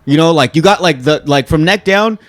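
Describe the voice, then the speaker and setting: A man's voice: on the high side, fairly quick, no echo. A man hosting a casual comedy podcast, teasing his co-host and laughing often.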